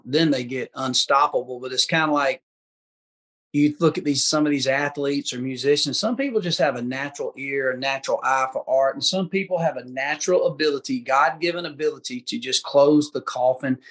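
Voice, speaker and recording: A man's voice: on the high side, a bit bright. A man as a podcast guest, talking casually in a folksy way and giving hunting advice. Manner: folksy, gives advice, says dude and bro. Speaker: guest hunter. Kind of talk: casual chat.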